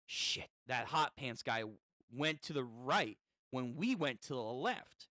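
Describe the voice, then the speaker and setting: A man's voice: medium pitch, animated, a little slow, bright, forceful tone, no room sound, clean studio sound. A man casually reading a comic aloud and reacting as he goes, swearing often. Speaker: comic read-through host.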